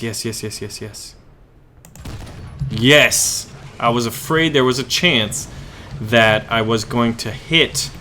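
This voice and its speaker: A man hosts his gaming channel with live commentary over his own match, joking and getting excited as the action turns. His voice is bright and forceful, and he talks to himself and to his enemies as he plays. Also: mid-range voice, a little hiss or hum.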